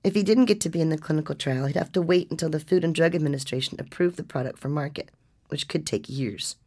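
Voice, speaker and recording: Low, gravelly woman narrating. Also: fast talker, warm tone. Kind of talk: scripted narration of nonfiction.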